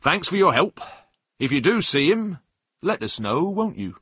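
A man's voice: fairly high pitch, sing-song, measured pace, fairly bright tone, husky, dry recording, studio quality, pitched above the performer's own voice, full character voice. A man playing a friendly, polite policeman who speaks cheerfully.

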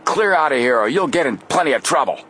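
A man voicing a burly, hostile sailor who barks gruff threats. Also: medium pitch, animated, quick pace, bright, forceful tone, slight background noise, voice pushed up.

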